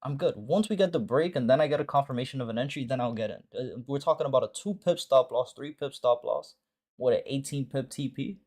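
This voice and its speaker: Man, mid-pitched voice, live-stream trading host, casual, blunt, swears freely, repeats himself for emphasis. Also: fairly quick, a little mellow. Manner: blunt and profane, talks straight to viewers with slang; repeats short phrases for emphasis.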